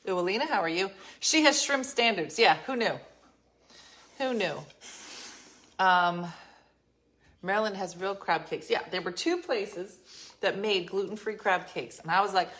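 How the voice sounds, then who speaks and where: A woman's voice: mid-range voice, unhurried, pauses often, a bit bright. A woman hosting a casual livestream from her home, chatting with viewers and telling exasperated stories. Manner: chatty, storytelling, exasperated asides. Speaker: livestream host. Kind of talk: casual live chat with viewers. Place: her home, being renovated. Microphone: phone.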